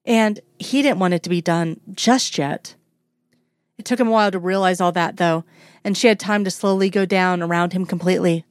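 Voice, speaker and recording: A woman narrates a romance story in a steady, even reading voice. Her pitch sits somewhat low for a woman, and the recording is dry, with almost no room sound. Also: normal speed, no echo. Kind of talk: reading romance fan fiction aloud.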